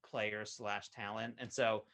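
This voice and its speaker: A man's voice: fairly low pitch, level tone, takes it slowly, fairly bright tone. Podcast guest, man, loose rambling talk, medium voice, lots of fillers and restarts. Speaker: guest, animation co-creator. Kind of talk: casual podcast chat.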